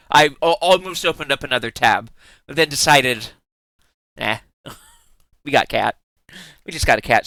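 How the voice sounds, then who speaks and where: A man's voice: fairly high pitch, gravelly, pushed and bright, no room sound. A man streaming live in casual chat, giggling often and rambling in playful asides with many restarts.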